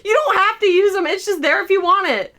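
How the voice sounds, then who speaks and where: A woman streamer telling a story in casual chat, swearing freely and breaking into laughs and loud outbursts. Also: extremely high pitch, quick pace, crowd noise. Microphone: streaming mic.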